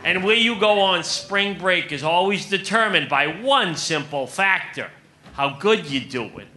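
A man's voice: sits high, lively intonation, a little slow, pushed and bright. A man in his thirties doing a stand-up comedy set on a club stage, delivering punchy jokes and calling the crowd "folks.".

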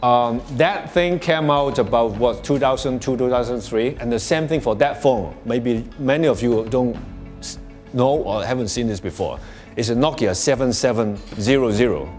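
A man's voice: mid-range voice, normal speed, darkish tone, soft background music. A man presenting at a live workshop to an audience, speaking conversationally with many restarts and "you know"s, and chuckling often as he explains. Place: workshop space before an audience.

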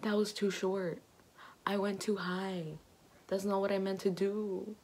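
A woman's voice: mid-range voice, steady tone, measured pace, darkish tone. A young woman vlogging from her bedroom, talking nervously and giggling between gasping exclamations. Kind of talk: casual vlog chat. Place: bedroom at home.

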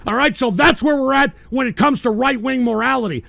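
A man's voice: extremely high pitch, brisk, gravelly, hardly any pauses, bright, forceful tone, dry recording. A male show host ranting in anger at his chat, swearing and stumbling over restarts. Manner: heated, profane, stumbling restarts. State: agitated, shouting at times. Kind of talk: angry political rant reading chat.

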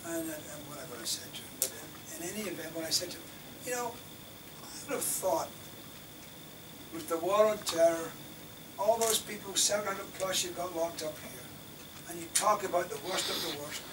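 Older lawyer lecturing with indignant rhetoric, raised pitch, taped from the back of a hall. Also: male voice, moderate pace. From Scotland. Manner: rhetorical, indignant, swings between loud emphasis and near-whispers. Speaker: defence lawyer giving a lecture. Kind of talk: impassioned public lecture. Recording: distant mic in a lecture hall, faint room noise.

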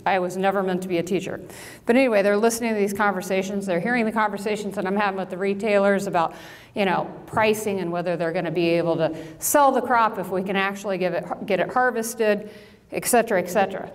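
A middle-aged woman from Illinois who runs a farm business, telling a story to an audience with lively acted-out quotes and self-mocking asides. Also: medium pitch, quick pace. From Illinois, USA. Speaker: farm business owner and speaker. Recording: long hall reverb.

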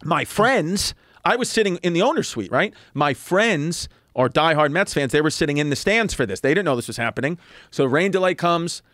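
Animated comedian telling a story, dry mic. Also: male voice, a little high, normal speed, no echo. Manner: animated, profane, acts out other people's quotes. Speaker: podcast guest comedian. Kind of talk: casual storytelling. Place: podcast studio.

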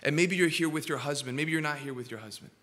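A male pastor preaching a sermon in a church, moving from hushed asides to loud, emphatic build-ups. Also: a little high, quick pace. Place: church sanctuary.

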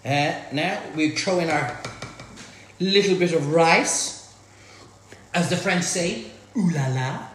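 A man with an Irish accent hosting a live cook-along in a home kitchen, chatty and excitable, full of exclamations. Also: fairly high pitch, takes it slowly, long pauses. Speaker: chef host. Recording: very echoey room, faint noise.

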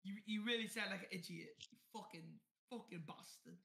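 A woman putting on a mock British accent to play a foul-mouthed bloke who hurls slow, drawn-out insults, over loud game noise. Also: mid-range voice, reverberant, natural voice. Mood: insulting.

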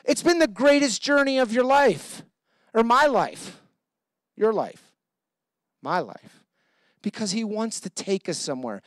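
A male pastor preaching an energetic sermon, calling on the congregation to repeat lines back to him. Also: high-pitched, measured pace, long pauses, no room sound. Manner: animated, energetic preaching with call-and-response.

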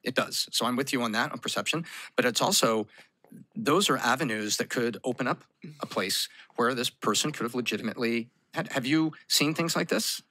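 A man's voice: medium pitch, fairly quick, pushed and bright, no room sound. A man interviewing a guest on a podcast, asking thoughtful, hedging questions.

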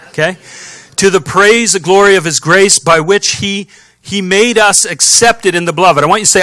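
A man preaching a sermon as pastor, telling stories in an animated way with sound effects and voiced characters. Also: high voice, normal speed, no echo. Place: church sanctuary.

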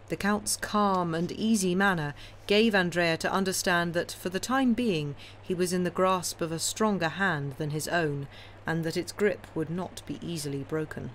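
A woman narrating a classic novel aloud in a steady, even reading voice on a livestream. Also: lowish voice, moderate pace, slight background noise.

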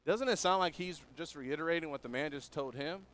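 A man's voice: fairly high pitch, fairly quick, fairly bright tone. A man preaching a sermon, working through a passage verse by verse in an earnest, explanatory way and putting questions to his listeners.

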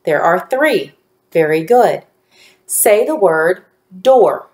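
A woman teacher giving a phonics lesson to young children, speaking slowly and clearly with encouraging praise. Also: on the low side, expressive, a little mellow. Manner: slow, clearly enunciated, encouraging.

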